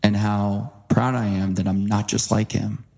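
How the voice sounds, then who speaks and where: Gravelly low-voiced man telling his story. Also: unhurried. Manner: earnest, animated impressions when quoting. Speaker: guest author. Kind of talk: storytelling interview talk.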